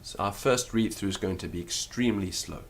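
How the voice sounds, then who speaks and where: A man teaching Latin in a lecture, deliberate and careful, sounding out syllables one by one. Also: on the low side, a little hiss or hum. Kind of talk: spoken lecture.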